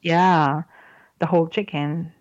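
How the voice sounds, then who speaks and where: A woman's voice: low voice, fairly even intonation, slow pace, a little mellow, lo-fi sound. A woman hosting a podcast who tells a joke in casual chat, laughing often and stopping to explain words. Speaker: podcast host.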